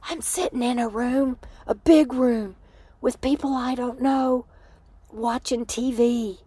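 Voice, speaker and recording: A woman imitating a confused elderly woman who talks in a halting, hesitant way. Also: on the high side, steady tone, mellow, a little hiss or hum, pitched above the performer's own voice. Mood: timid. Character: confused elderly woman, timid, soft-spoken.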